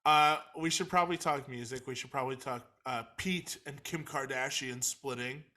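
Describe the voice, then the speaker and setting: A man's voice: medium pitch, normal speed, sharp tone. A young man co-hosting a podcast in loose, jokey casual chat, steering the topics. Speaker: podcast co-host.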